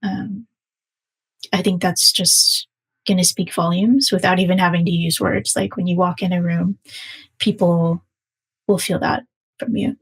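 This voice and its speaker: A woman's voice: lowish voice, fairly even intonation, a little slow, vocal fry, pauses often, slightly rough, rough recording. A woman who hosts the interview, speaking in an affirming, reflective way to her guest. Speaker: host, former psychology teacher. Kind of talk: supportive interview talk.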